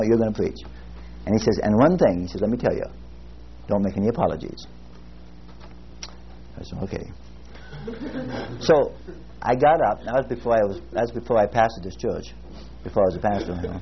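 A male pastor preaching a sermon in a folksy storytelling way, slowing down to stress scripture word by word. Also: on the low side, animated. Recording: muffled lo-fi recording with faint hiss.

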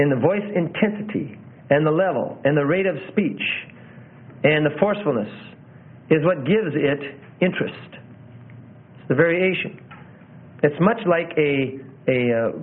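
A man teaching preachers how to deliver a sermon, in a loose conversational way, often doubling back on his words. His voice sits a bit high for a man. The sound is thin and narrow, like it is coming through a phone. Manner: conversational, repeats phrases, self-corrects. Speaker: preaching instructor. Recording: tinny phone-like audio.

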